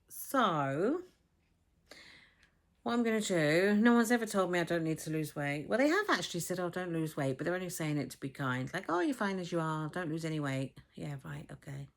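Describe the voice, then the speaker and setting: A woman in her fifties, talking casually to a camera on a tripod at home, blunt and frank, swearing freely and acting out conversations. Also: low voice. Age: 50s. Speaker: vlogger. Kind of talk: casual chatty vlog. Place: home, with a dog barking next door.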